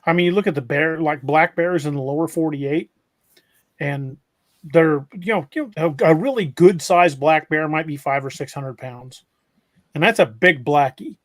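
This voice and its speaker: A man's voice: fairly high pitch, moderate pace, no echo, studio quality. A man hosting a podcast, telling stories in a casual, rambling way with many restarts. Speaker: podcast host.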